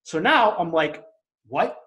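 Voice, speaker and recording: A man with a Boston accent tells a story at a rapid clip, his voice sitting a little high for a man. He talks in a heated, profane rush, acting out both sides of the exchange. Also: expressive. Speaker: co-host telling a story. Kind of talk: casual storytelling chat.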